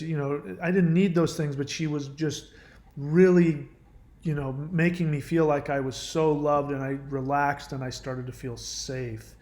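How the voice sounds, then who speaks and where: A man's voice: on the high side, steady tone, darkish tone. Earnest man telling a painful story. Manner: halting, many restarts and fillers, earnest. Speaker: caller sharing a personal story. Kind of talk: emotional personal account.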